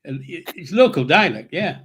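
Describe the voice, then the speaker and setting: On a live chat show, an older male co-host from Yorkshire, England, talks casually and doesn't mince words. He has a Yorkshire accent and a voice on the high side, animated though a little slow.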